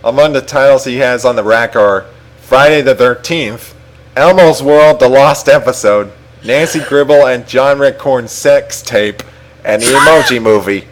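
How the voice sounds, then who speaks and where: A young man reading a comedic fan story aloud to a chatroom, animated and often laughing. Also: medium pitch, measured pace, slight background noise, poor audio. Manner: animated, laughing, breaks off to fix typos.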